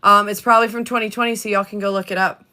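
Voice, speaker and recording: A woman hosting a casual livestream, reading letters aloud in a chatty, halting way with many ums and restarts. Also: mid-range voice, little pitch movement, pushed and bright. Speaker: livestream host reading documents.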